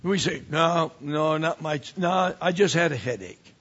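A man who is a pastor, preaching a sermon with animated swings from quiet asides to emphatic rises. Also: a little high, a little slow, slightly rough, highs cut off.

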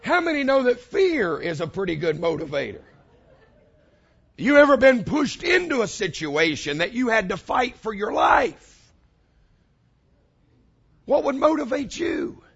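Animated pastor preaching. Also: male voice, extremely high pitch, slightly rough, highs cut off. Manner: animated preaching with dramatic pauses and vivid quoted voices. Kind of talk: sermon.

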